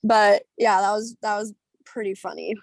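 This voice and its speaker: A woman's voice: mid-range voice, moderate pace, creaky, no room sound. A young woman from the United States, a singer telling stories in a chatty, rambling way over a video call, full of fillers and laughter. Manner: bubbly, animated, rambling with many fillers and laughs. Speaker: singer being interviewed.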